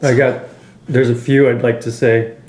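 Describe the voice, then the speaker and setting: A man's voice: mid-range voice, little pitch movement, normal speed, a little mellow, reverberant. A man in his thirties, a comedian guest who talks awkwardly and hesitantly in casual chat. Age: 30s.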